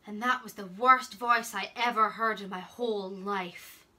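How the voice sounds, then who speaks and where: A woman's voice: medium pitch, fairly even intonation, measured pace, pushed and bright. A woman reading a troubled young boy. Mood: earnest. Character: troubled ten-year-old boy, earnest.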